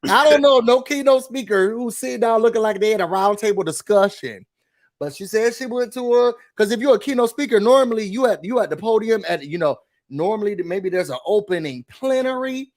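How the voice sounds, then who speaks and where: A man hosting a casual reality TV recap, chatting in an animated, gossipy way and mimicking cast members. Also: high-pitched, a little fast. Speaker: recap show host.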